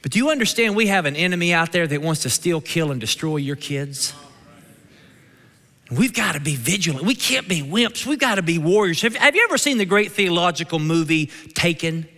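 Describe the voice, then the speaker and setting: High-voiced pastor with a Kentucky twang. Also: male voice, brisk. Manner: energetic, joking, calls out for amens. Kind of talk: sermon. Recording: long reverb of a church hall.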